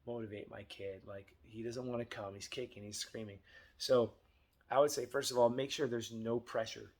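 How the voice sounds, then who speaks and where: A middle-aged man, a martial arts instructor, giving casual advice to parents and acting out quoted dialogue as he goes. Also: medium pitch. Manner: chatty, acts out quoted dialogue.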